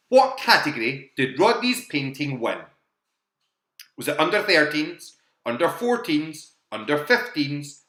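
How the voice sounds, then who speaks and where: A man's voice: fairly high pitch, bright, forceful tone. A man hosting a live online quiz from his home, chatty and laughing often as he repeats each question and its options. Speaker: quiz host. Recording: echoey home room.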